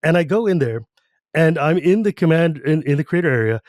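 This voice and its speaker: A man hosts a casual podcast and talks fast and with enthusiasm, filling his stories with "like." His voice sits a little higher than most men's. The sound is dry and close to the mic, with no room echo. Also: expressive, darkish tone. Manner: enthusiastic, fast-talking, full of "like" asides. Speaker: podcast host.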